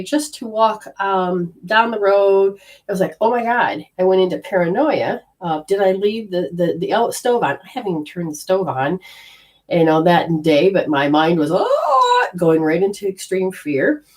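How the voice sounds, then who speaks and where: An energy healing teacher, a middle-aged Australian woman, tells a personal story casually at a moderate pace. She acts out her own inner voices with sudden jumps in pitch.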